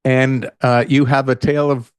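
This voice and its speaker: A male therapist speaks in a calm, measured way, walking through options at an unhurried pace. His voice sits in an ordinary middle register. The recording is dry and close. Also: mid-range voice, clear, resonant tone, no room sound. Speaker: family therapist guest. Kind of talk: conversational advice.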